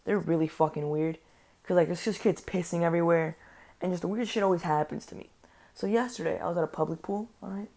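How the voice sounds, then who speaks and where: A woman's voice: fairly low pitch, fairly even intonation, fast, vocal fry, warm tone. A woman telling a story for her vlog, rambling, swearing a lot and sounding incredulous. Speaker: vlogger. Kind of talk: casual story time.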